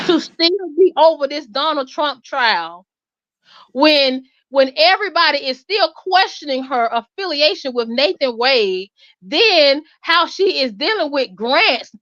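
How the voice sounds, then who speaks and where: A woman, hosting and telling a story in an animated, emphatic way. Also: high-pitched, no echo. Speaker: host. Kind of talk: casual storytelling chat. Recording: dull lo-fi sound.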